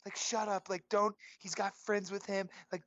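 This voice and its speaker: A man's voice: high-pitched, little pitch movement, moderate pace, fairly bright tone, dry recording, muffled recording, pitched above the performer's own voice. A man putting on a scolding, exasperated woman. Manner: scolding, pleading.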